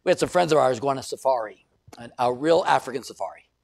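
A middle-aged male pastor preaching a sermon in a church, animated, often repeating words and putting questions to the congregation. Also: medium pitch, fast, gravelly.

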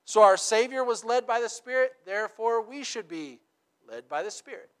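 Middle-aged guy preaching, kinda high voice, super chatty, keeps saying okay and right, goes from loud to really quiet. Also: lively intonation, normal speed, clear, resonant tone. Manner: dynamic, swinging from loud emphatic to quiet and intimate; conversational, checks in with "okay?" and "right?". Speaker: pastor. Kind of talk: sermon.

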